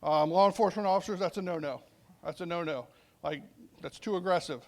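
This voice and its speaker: A middle-aged man with a fairly high voice speaks to a veterans summit as a police sergeant. His talk is conversational, and he acts out snatches of dialogue as he tells his story. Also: lively intonation, moderate pace. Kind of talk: storytelling speech.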